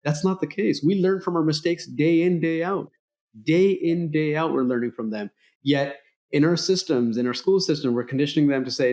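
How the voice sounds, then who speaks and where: A middle-aged man hosting a podcast interview, talking earnestly in a motivational way and acting out remembered dialogue with lively emphasis. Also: fairly high pitch, normal speed. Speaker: podcast host. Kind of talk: conversational interview.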